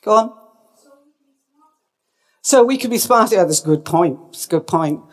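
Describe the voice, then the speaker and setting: A woman giving a presentation talk, emphatic and lively, putting questions to her audience. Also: on the low side, normal speed. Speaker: speaker.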